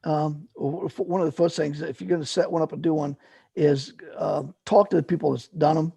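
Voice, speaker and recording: A man's voice: a little high, steady tone, fairly quick, vocal fry, mellow, husky, no room sound. A middle-aged man telling paramotor stories in a rambling, casual way, full of fillers and restarts. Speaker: guest, paramotor fly-in organizer. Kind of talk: casual storytelling.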